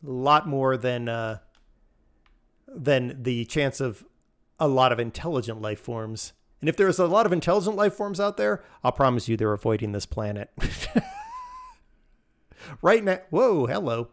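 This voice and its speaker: A man's voice: mid-range voice, animated, measured pace, long pauses. A man rambling casually on a live game stream, answering chat and laughing often.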